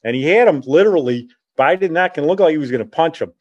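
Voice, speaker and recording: A middle-aged man telling a childhood story in a rambling, animated way, often correcting himself partway through. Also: on the high side, quick pace, highs cut off. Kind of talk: casual spoken reminiscence.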